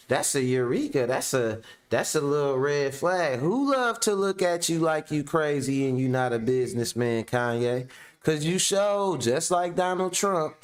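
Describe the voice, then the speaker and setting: Blunt, cussing man reacting to clips. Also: on the high side. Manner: blunt, profane, rhetorical questions; addresses viewers directly. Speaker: commentary host. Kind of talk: casual reaction commentary.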